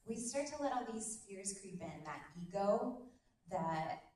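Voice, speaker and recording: A woman in her thirties giving an emphatic, energetic motivational talk on stage, swearing now and then and joking with the audience. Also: mid-range voice, a little slow, a little hiss or hum. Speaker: motivational speaker at a business event. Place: large hall. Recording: very echoey hall from far off.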